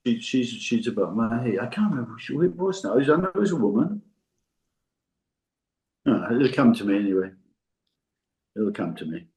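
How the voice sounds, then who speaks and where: A man's voice: mid-range voice, sing-song, normal speed, pauses often, a little mellow, low-quality recording. An older man chatting casually with a friend, rambling and restarting his sentences often. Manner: rambling, hesitant, full of restarts and asides. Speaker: podcast co-host. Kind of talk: casual chat between friends.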